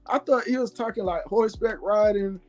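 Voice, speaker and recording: A woman hosting a casual chat show, telling stories in a lively, animated way. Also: mid-range voice, fairly quick. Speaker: host.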